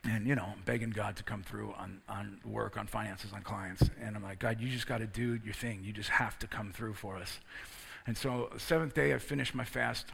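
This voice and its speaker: A man preaching, moving from a personal story into forceful, emphatic sermon delivery. His voice is gravelly with a husky edge and a bright, pressing tone. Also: on the low side, steady tone, moderate pace, hardly any pauses.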